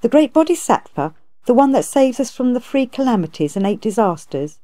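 A woman's voice: medium pitch, animated, moderate pace, dark tone, lightly acted. A woman reading aloud, voicing a gluttonous, boastful male pig monster who blusters and pleads. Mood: blustering.

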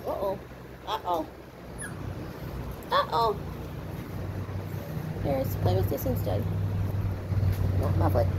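Woman breeder, casual vlog, sing-song puppy talk, very high and bouncy, unhurried, noisy pen. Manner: playful sing-song baby talk, cheering and praising. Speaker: dog breeder filming her puppies. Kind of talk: casual talk to puppies while filming. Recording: noisy room with puppies.

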